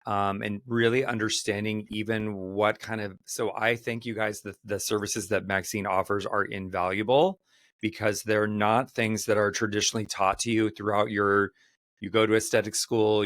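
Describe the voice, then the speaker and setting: A man's voice: on the low side, flat delivery, normal speed, a bit bright, no room sound, studio quality. A man hosting a casual podcast chat, earnest and encouraging as he sets up topics. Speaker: podcast host.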